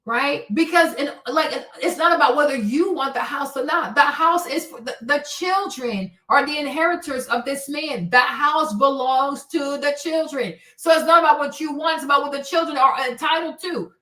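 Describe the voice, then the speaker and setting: A woman in her forties hosts a live stream, ranting bluntly and preachily in casual talk and often asking "right?". Her high-pitched, slightly bright voice moves at normal speed with hardly any pauses. The room is echoey, and she's a bit far from the mic.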